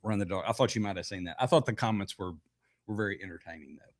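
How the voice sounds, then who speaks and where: Low-voiced man, halting casual podcast chat. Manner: halting, with frequent restarts. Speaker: podcast co-host. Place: live podcast recording.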